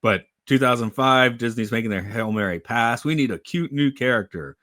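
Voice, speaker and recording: A man co-hosting a podcast, musing hesitantly about old animated films with many fillers. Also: medium pitch, normal speed, dry recording, clean studio sound. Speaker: podcast co-host. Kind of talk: casual discussion.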